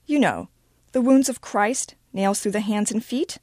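A woman reading the part of a tired, sharp-tongued mother of two boys, with dry, clipped retorts. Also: mid-range voice, a little slow, no echo, close to an everyday voice.

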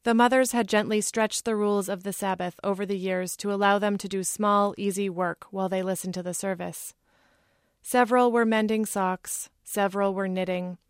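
Brief: woman author, measured literary reading, middle pitch, dry close-mic sound. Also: steady tone, smooth, no echo. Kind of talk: reading aloud from her novel.

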